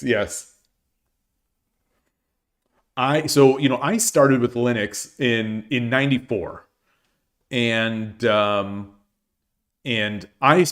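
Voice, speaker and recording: A man's voice: mid-range voice, very slow, pauses often. Rambling man, casual streamer. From United States. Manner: rambling, many restarts and fillers. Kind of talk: casual livestream chat.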